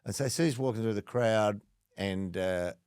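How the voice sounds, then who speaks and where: A middle-aged Australian man, a former football player, telling a story in a casual interview and acting out the quotes with lively energy. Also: fairly low pitch, measured pace, clean tone, dry recording, studio quality.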